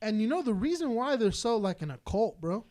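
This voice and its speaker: A man's voice: high-pitched, very animated, a little fast, darkish tone. A man from Southern California co-hosting a podcast, ranting in a heated, rambling, profane way. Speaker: podcast co-host. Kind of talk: casual podcast rant.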